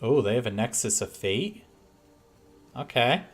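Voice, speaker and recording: A man of middle pitch commentates his own card game at an unhurried pace. He mutters through his plays and turns loud and exasperated when a move goes wrong. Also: expressive, soft background music. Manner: reactive, swings between muttering and frustrated outbursts. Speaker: gameplay commentator. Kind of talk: thinking aloud over a card game.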